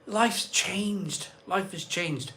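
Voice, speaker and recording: A man speaks extremely slowly in a high, sharp voice, with slight background noise. He hosts a live stream from his cold home conservatory bar, chattily rambling through viewer comments and repeating himself a lot.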